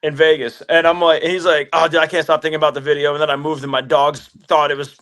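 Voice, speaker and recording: A musician in a casual interview, telling stories with lively acted-out phone calls. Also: male voice, a little high, quick pace. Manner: animated storyteller, acts out phone calls.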